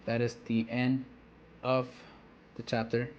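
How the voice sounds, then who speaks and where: A man's voice: medium pitch, completely flat delivery, takes it slowly, highs cut off, slight background noise. A man giving casual reaction commentary on a manga, rambling with slang, "you know" fillers and frequent restarts.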